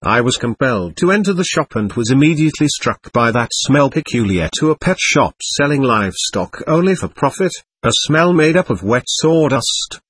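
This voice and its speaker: A man narrating a first-person story as an audiobook, with expressive storytelling. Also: medium pitch, slightly rough, no echo.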